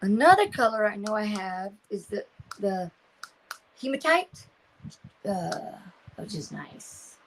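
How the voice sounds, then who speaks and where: A woman's voice: medium pitch, sing-song, takes it slowly, pauses often, a little hiss or hum, low-quality recording. An older woman, hosting a casual craft livestream, chatting and reading viewer comments as she works. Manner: chatty, reads viewer comments aloud, trails off searching for words.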